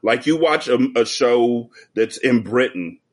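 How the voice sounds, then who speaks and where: A man's voice: mid-range voice, animated, unhurried. Joking man telling profane stories. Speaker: podcast guest. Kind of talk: casual chat. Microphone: video call.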